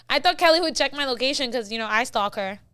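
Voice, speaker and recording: A woman's voice: high-pitched, expressive, fast, bright, forceful tone, clean tone, no room sound. A woman co-hosting a podcast, chatting casually in a brash, profane, joking way. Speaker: podcast co-host. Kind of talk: casual chat.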